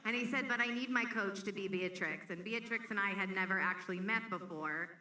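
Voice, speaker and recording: A woman's voice: mid-range voice, brisk, pushed and bright. A woman co-hosting a drag pageant on stage, playful and teasing. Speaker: pageant co-host. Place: bar or club stage with a crowd. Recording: echoey room, far from the mic, faint noise.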